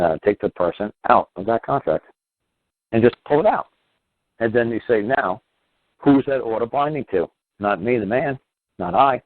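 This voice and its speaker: Fast, low-voiced male radio host, rambling and animated, over a dry, phone-thin line. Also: dry recording. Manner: animated, rambling, acts out both sides of exchanges, swears. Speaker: radio talk show host. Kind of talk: call-in radio advice talk. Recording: tinny phone-line sound.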